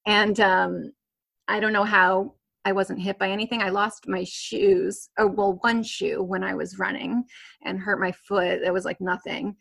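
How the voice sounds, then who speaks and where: A woman's voice: medium pitch, flat delivery, a little slow, gravelly, fairly bright tone. A woman guest telling a personal story in conversation, rambling with many fillers and restarts and nervous laughs. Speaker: interview guest.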